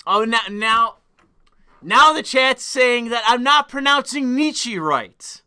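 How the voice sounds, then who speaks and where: A male streamer holding forth on a live stream and snapping back at his chat, swearing as he goes. His voice sits high and sounds bright and sharp. The tone is smooth and clear throughout. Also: animated. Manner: profane, combative, quick to argue with chat.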